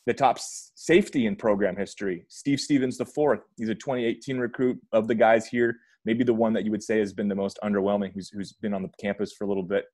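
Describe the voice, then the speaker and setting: Low-voiced man in casual sports talk. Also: fairly even intonation, fast talker, hardly any pauses, a little mellow, no echo. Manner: rambling, self-correcting, chatty. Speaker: podcast host.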